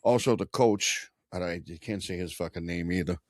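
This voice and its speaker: A man's voice: deep voice, normal speed, a little mellow, dry recording, clean studio sound. A man co-hosting a casual sports podcast, opinionated and swearing, with hype-man asides. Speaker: podcast co-host.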